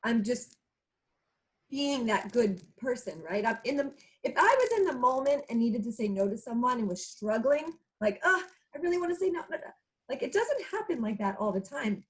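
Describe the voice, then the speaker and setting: A woman's voice: on the high side, low-quality recording. Chatty woman telling a personal story. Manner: chatty storyteller, acts out quotes. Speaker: co-host. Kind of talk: casual chat, personal story.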